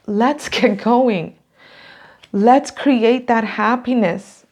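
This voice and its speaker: Gravelly-voiced woman reading tarot, emotional. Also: a little high, extremely slow, long pauses, darkish tone. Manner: emotional, rambling, laughs often. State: near tears. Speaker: tarot reader. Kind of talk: casual tarot reading to camera.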